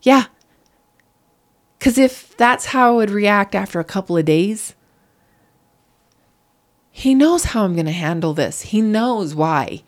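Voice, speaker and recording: Middle-aged woman, podcast guest, earnest, animated storytelling, medium pitch. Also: measured pace, pauses often. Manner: earnest, animated, acts out quoted voices. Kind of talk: emotional personal storytelling.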